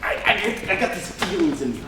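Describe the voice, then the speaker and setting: A man acts out a hot-headed young street thug with a brash, profane edge. His voice rides high and jumps around. It is heard from a distance on an echoing stage with faint hiss. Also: animated, fast, a bit bright. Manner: brash, profane, bursts of laughter. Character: volatile young male street thug, cursing. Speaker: stage actor. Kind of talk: live stage play. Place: theater stage.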